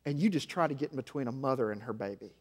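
A man preaching a sermon as senior pastor, swinging between loud emphasis and hushed, low passages. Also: expressive, racing, breathy edge. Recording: long hall reverb.

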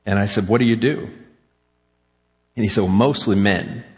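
A man's voice: fairly low pitch, normal speed. A middle-aged male pastor telling a personal story in an earnest sermon, then closing in prayer. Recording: long hall reverb.

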